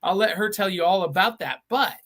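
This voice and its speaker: A man's voice: sits high, brisk, fairly bright tone. A middle-aged man from Middle Tennessee hosting a live online show, chatty and enthusiastic with frequent restarts. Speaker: host.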